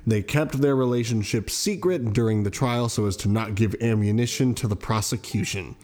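A man hosting a casual true-crime podcast, telling the case and then giving his opinion in a loose, animated way with swearing. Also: normal speed. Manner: animated, swearing, jumps into high mocking voices. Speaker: podcast host.

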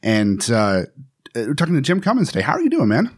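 A man's voice: medium pitch, wildly swooping pitch, fairly quick. A man in his thirties hosting a podcast, an enthusiastic fan who laughs often. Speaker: podcast host. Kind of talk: casual podcast chat.

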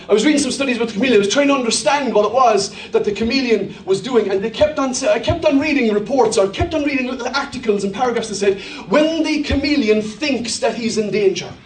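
An Irish man preaching a sermon as pastor to his congregation, in a jovial, joking manner. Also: high-pitched. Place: church hall. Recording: echoey hall, mic far off.

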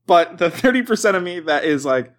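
A man with a slightly higher voice reads a list aloud on a casual podcast. He laughs at his own stumbles and swears when he trips over a word. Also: very animated, fairly quick. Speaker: podcast host reading cryptid lore. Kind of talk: casual chat, reading aloud.

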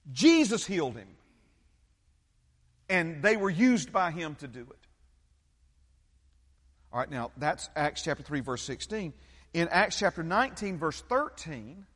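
A man's voice: on the high side, big pitch swings, a little slow, long pauses, a bit bright, breathy edge. A man preaching a sermon as pastor, emphatic and repetitive, often checking in with the congregation. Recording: long hall reverb.

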